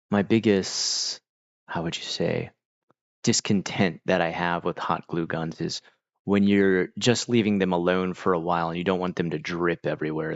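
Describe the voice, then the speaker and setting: A man's voice: low voice, vocal fry, no room sound. A middle-aged man streaming live, chatting casually with viewers in a rambling, laid-back way, full of "like" and "dude". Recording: dull, dry lo-fi mic.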